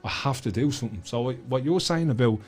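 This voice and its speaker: A guest on a casual studio podcast, this man from Ireland has a Dublin accent and works as an author and school speaker. His medium-pitched voice comes quickly as he tells animated stories, blunt and swearing a lot, with faint music behind.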